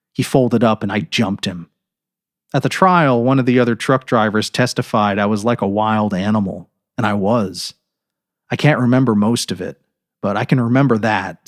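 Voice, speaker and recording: A man with a fairly low voice reads a dark tale aloud in first person. His delivery is intense and measured, leaning into dramatic pauses to build tension. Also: no echo, clean studio sound. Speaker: narrator. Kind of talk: dramatic story reading.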